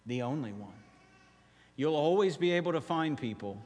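A male pastor preaching a sermon, emphatic, dropping to quiet slow phrases and rising to urgent appeals. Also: on the high side, lively intonation, in a large hall.

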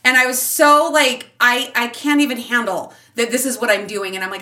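A middle-aged woman, a mother and teacher, telling a family story as a podcast guest, animated and laughing often, with big leaps in pitch when she quotes herself. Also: normal speed, recorded from a distance. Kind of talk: casual storytelling in an interview.

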